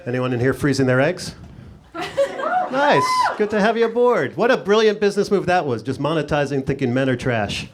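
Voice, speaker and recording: A sarcastic male stand-up comedian working a club crowd, his voice sitting a little high for a man. His pitch leaps higher for punchlines and the voices he acts out. The live recording carries a steady layer of noise behind him. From United States. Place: comedy club stage before a laughing audience.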